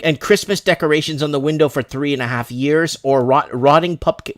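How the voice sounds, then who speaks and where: Male livestream host from Canada, slightly higher voice, rambling and off the cuff. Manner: rambling, reads viewer emails aloud, many restarts. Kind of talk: casual livestream commentary.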